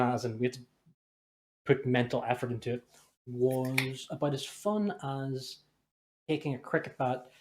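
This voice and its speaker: Rambling, jokey podcast host. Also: male voice, medium pitch. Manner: rambling, jokey, swears freely. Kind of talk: casual podcast chat.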